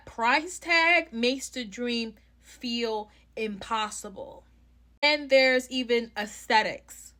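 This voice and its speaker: A young woman with a New York accent rants into her phone in a blunt, heated vlog, with plenty of swearing. Her voice sits fairly high, and she takes her time, dragging out words for emphasis. It has the close, casual sound of someone talking straight to her phone camera. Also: fairly bright tone. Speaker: clown content creator.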